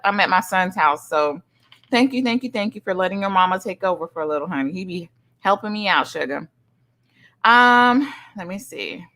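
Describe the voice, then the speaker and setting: A middle-aged woman hosting a livestream in casual chat, effusively greeting each viewer with loud, high greetings and calling people honey and sugar. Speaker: livestream host. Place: son's home streaming setup.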